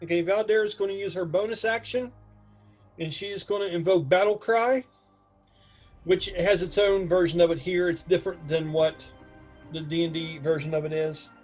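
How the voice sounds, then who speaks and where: With faint music underneath, a man with a high voice leads a tabletop game, narrating energetically, counting ranges and dropping fast asides to his group. The recording has its highs cut off.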